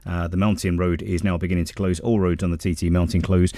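A man's voice: low voice, little pitch movement, warm tone, dry recording, clean studio sound. A male radio host bantering casually and joking with his co-presenter. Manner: quick, joking.

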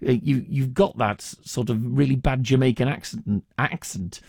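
A man's voice: medium pitch, fairly even intonation, moderate pace, gravelly, warm tone, no room sound, studio quality. A man presenting local radio, chatting casually and reading travel news with a joking manner. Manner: chatty, jokey, with many ums. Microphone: studio microphone.

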